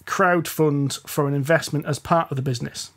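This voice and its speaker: A man's voice: fairly high pitch, steady tone, moderate pace. A man with a Northern English accent hosting a board game podcast, chatty and rambling, often laughing. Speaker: podcast host. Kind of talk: casual chat.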